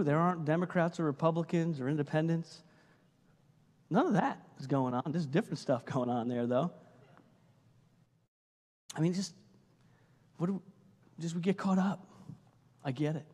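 A man preaching a sermon as pastor, animated, acting out quotes and joking with his congregation. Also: on the high side. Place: church hall. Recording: long reverb of a church hall.

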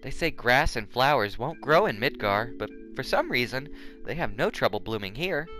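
Gentle young flower girl, calm and kind, a guy reading her lines over game music. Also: mid-range voice, normal speed. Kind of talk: reading game dialogue aloud.

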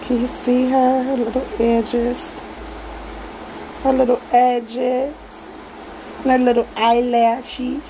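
A woman's voice: on the high side, little pitch movement, slow, pauses often, warm tone, a little hiss or hum, rough recording. A woman chatting casually to her viewers in a home nursery as she unboxes a doll, gushing and affectionate and often calling them y'all. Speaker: reborn doll collector vlogger.

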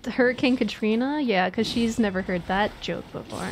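A woman's voice: on the high side, moderate pace, slight background noise. A woman from Atlantic Canada chatting casually with her live-stream viewers, swearing and laughing often. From Maritimes, Atlantic Canada.

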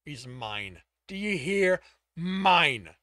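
A man's voice: on the high side, sing-song, extremely slow, pushed and bright, no echo, studio quality, heavily acted. A man voicing a desperate, tormented young man. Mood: anguished. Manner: pleading, anguished.

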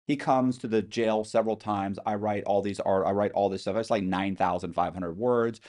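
A man's voice: fairly low pitch, steady tone, normal speed, darkish tone. A man telling a long story as an interview guest, acting out the people he quotes and swearing freely.

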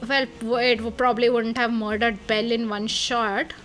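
High, bright-voiced excitable woman gamer. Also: normal speed, faint music behind. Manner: excitable, thinks aloud with many fillers. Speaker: let's play gamer. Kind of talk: casual game commentary.

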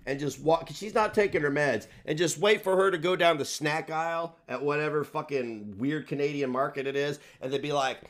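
A man's voice: a little high, a little fast, few pauses, fairly bright tone. A man mocking a streamer during his own live stream, sarcastic and profane. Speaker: commentary streamer.

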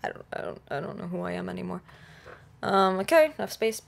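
A woman's voice: mid-range voice, huge pitch swings, moderate pace, gravelly. A woman YouTuber flubbing her video intros, giggling and exclaiming as she restarts her lines. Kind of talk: blooper reel of vlog intros.

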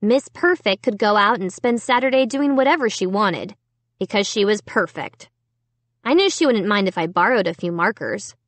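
A woman narrating a children's book in an unhurried, expressive first-person telling. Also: medium pitch, no echo. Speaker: audiobook narrator. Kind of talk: storybook narration.

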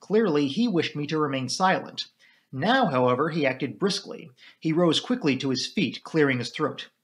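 A man narrating a classic mystery novel in a measured storybook reading. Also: a little high, animated. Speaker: audiobook reader. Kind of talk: scripted narration.

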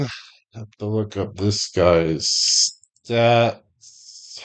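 A man acting as game master, narrating a tabletop game unhurriedly and pausing to check his notes. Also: deep voice, fairly bright tone. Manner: unhurried, describes scenes with pauses to check notes.

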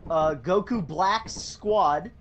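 A man joking with friends over voice chat, teasing in a crude, deadpan way. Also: high-pitched, drawn-out words, a little hiss or hum.

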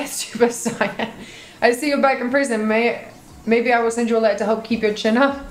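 A woman's voice: fairly high pitch, fairly even intonation, moderate pace, roomy sound. A young woman streaming live, reading her chat aloud with swearing and lots of laughter. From United Kingdom.

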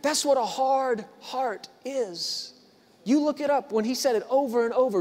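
A man in his thirties preaches with a notably high voice, hammering home repeated lines and rising from hushed to loud. The sound rings with the long reverb of a big hall. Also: moderate pace. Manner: emphatic repetition, swings from quiet to loud. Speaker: pastor. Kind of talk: sermon. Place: church hall.

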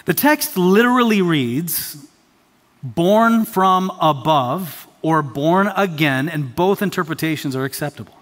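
A man's voice: a little high, lively intonation, a little slow, fairly bright tone, in a large hall. A man preaching a sermon as pastor, emphatic and repeating his key phrases. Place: church sanctuary.

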